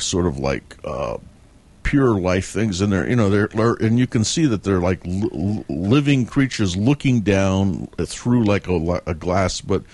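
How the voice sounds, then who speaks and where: Man, very low voice, casual storytelling, meandering, reflective. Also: a little mellow.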